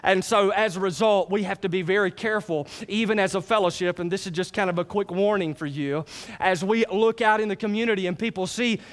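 A man preaches in a high, bright-pitched voice. He is animated and folksy, often stopping to check that the congregation is with him. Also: a little fast. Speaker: pastor. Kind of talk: sermon.

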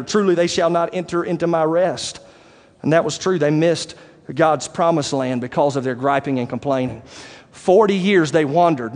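A man preaching a sermon, animated and acting out the voices of the people he describes. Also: a little high. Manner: animated, acts out quoted voices, rising to shouts. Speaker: pastor. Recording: long hall reverb.

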